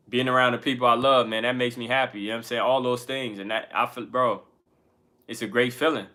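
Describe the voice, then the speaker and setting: A man's voice: medium pitch, pushed and bright. A man who makes music, talking candidly to his viewers in slangy, profane everyday speech. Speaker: music artist and channel host. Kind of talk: casual motivational talk to camera.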